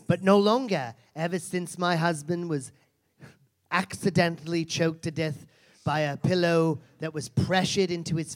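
In a live comedy character act, a man portrays a brash, foul-mouthed woman who runs self-help seminars, and he uses her to mock and insult the crowd. His voice sits fairly high.

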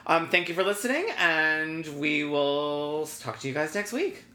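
Bright, snarky podcast co-host in an echoey room. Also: mid-range voice, a little slow. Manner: snarky, swears, deadpan jokes. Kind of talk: casual recap chat. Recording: roomy echo.

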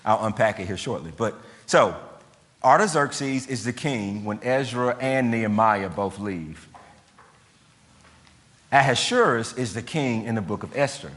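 A man preaching a sermon, retelling a scripture story in an animated, colloquial way full of slang. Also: lowish voice, unhurried. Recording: long hall reverb.

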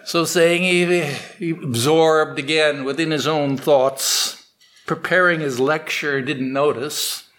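A man telling a story aloud, unscripted, with restarts and slowed dramatic pacing. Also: mid-range voice, a bit bright. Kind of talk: oral storytelling.

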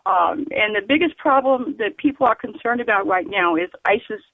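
A woman calling in to a radio show, speaking earnestly and emphatically, with many fillers and pauses. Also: mid-range voice, animated, no room sound. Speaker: caller. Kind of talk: call-in radio comment. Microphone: telephone. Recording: tinny phone line.

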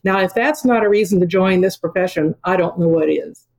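An older woman with a somewhat low voice, speaking as a guest in a conversational interview. She talks with enthusiasm and leans on the points she wants to stress. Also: brisk, darkish tone, rough recording. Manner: enthusiastic, emphatic. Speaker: veterinary dean, podcast guest.

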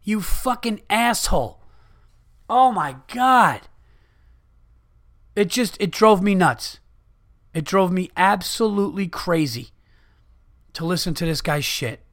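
A man's voice: high-pitched, lively intonation, slow, pauses often, fairly bright tone. A man in his thirties hosting a podcast, ranting in a heated, profane comedic way and often restarting his sentences. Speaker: podcast host.

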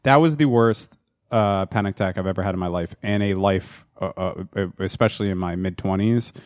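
A man's voice: sits low, fairly quick, no room sound. Rambling candid man, dry mic. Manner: candid, rambling, many fillers. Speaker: podcast co-host. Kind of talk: casual chat.

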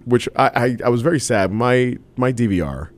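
A man co-hosting a casual wrestling chat, rambling with halting restarts and frequent laughter. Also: medium pitch.

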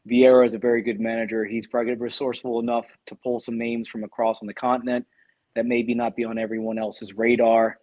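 A man, co-hosting a podcast, giving steady, opinionated football analysis in casual chat. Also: medium pitch, fast talker, no room sound. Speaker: podcast co-host.

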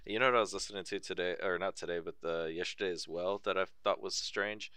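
A man's voice: low voice, fairly even intonation, fast, pushed and bright, clean tone, dry recording, studio quality. A young man chatting casually on a podcast, laid-back and swearing freely. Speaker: podcast co-host.

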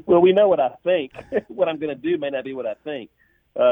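A man calling in as a guest on a radio sports show, talking in a rapid, self-deprecating way and often stumbling over his words. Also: fairly high pitch, expressive, creaky, no echo. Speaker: guest on call-in. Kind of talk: casual radio chat. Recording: tinny phone line.

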